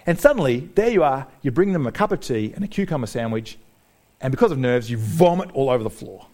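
A man preaching a sermon, animated, joking with the congregation and acting out the people he quotes. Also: medium pitch, fast talker. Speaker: pastor.

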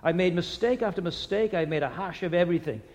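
A man's voice: high voice, fast, a little mellow, big-room sound, natural voice. A preacher acting out a very old man who is dying, despairing and crying out in terror. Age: older. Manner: anguished cries.

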